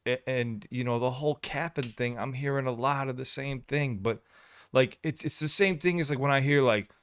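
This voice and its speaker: A man hosting a reaction video in casual commentary, talking excitably with stumbling restarts and sudden jumps from loud outbursts to quiet mutters. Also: mid-range voice, normal speed, clear, resonant tone.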